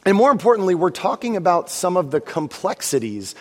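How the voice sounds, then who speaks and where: A man's voice: sits high, big pitch swings, brisk, darkish tone, long reverb tail. A man preaching a sermon to a congregation, conversational and joking, asking the room for amens. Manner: conversational preaching with jokes and audience prompts. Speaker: pastor.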